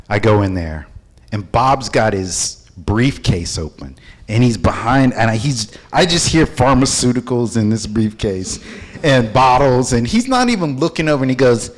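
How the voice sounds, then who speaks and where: A man from Houston, a company founder telling a story in an interview, animated and acting out the people in it. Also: mid-range voice, measured pace. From Houston, Texas.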